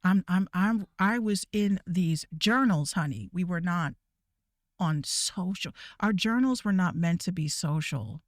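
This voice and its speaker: A woman's voice: fairly low pitch, a little slow, no echo, clean studio sound. A woman VTuber ranting casually to her viewers, profane and rambling, with stammering restarts. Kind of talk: casual rant.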